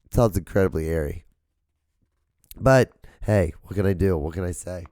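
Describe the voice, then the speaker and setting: A young man hosts his own podcast with a hoarse, strained voice that sits very low and dark. He rambles casually with many fillers and a slight upspeak. The sound is dry and close. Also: moderate pace, no echo. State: hoarse, sore voice. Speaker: podcast host. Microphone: camera mic, solo filming.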